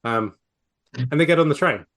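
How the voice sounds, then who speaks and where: A man's voice: on the high side, animated, moderate pace, fairly bright tone. A man with a New Zealand accent, hosting a casual film-review podcast with wry, sweary asides and frequent laughs. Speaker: podcast host.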